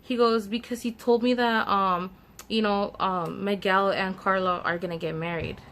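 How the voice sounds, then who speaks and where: A woman's voice: mid-range voice, steady tone, normal speed, a bit bright, slight background noise. A young woman chatting to her viewers in a casual story time, full of fillers and asides to the audience. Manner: chatty, many fillers, addresses viewers directly. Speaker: vlogger telling a story time.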